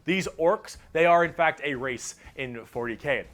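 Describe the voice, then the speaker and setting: A man excitedly explaining a fantasy war game's creatures, swearing freely and slipping into quick mimicry of characters. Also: a little high. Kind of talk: animated casual explanation.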